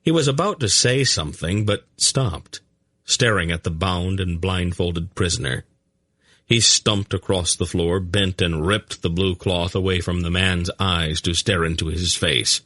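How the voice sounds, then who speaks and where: A man narrating an audiobook in an expressive storytelling manner. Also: deep voice, measured pace, dry recording. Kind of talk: scripted narration.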